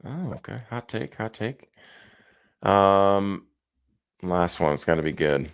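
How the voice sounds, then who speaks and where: Low-voiced male host for a relaxed video call chat, jokey and easygoing. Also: slow pace, vocal fry, smooth. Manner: easygoing, joking, many ums. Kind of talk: casual live video chat.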